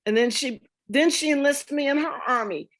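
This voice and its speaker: A middle-aged woman telling her family history to an audience, lively and laughing often as she acts out the conversations. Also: sits high, normal speed. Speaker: speaker sharing a family memoir. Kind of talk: storytelling talk with slides.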